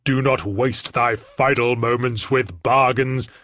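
A man voicing a solemn, menacing male alien hunter who speaks in slow, archaic, formal threats in an audiobook. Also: mid-range voice, steady tone, fairly bright tone, dry recording, clean studio sound. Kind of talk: audiobook character voice.

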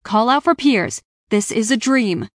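A woman reading a cold, unsympathetic young woman stranger in an audiobook, speaking in a forceful, commanding way. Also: fairly high pitch, lively intonation, unhurried, no echo, clean studio sound. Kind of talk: audiobook character voice.

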